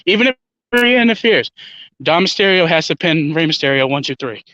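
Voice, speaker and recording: A man's voice: fairly high pitch, lively intonation, brisk, bright, forceful tone, dry recording, muffled recording. A man joining a livestream as a guest, talking emphatically and confidently and swearing freely. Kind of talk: casual chat.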